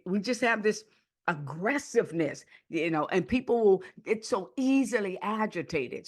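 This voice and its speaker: A woman hosting a podcast, teaching in a lively way with many repeated words and restarts, sometimes acting out rude people in a raised voice. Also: lowish voice. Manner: animated, acts out rude people in a raised, whiny voice. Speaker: podcast host and counselor.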